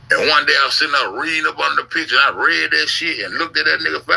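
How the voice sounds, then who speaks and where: A man rambles through a long story on a casual stream, cursing constantly and repeating himself. His voice is bright and edgy but husky, and he drops into low grumbles before bursting out loud. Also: expressive, fast talker, few pauses, rough recording. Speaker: YouTube commentator.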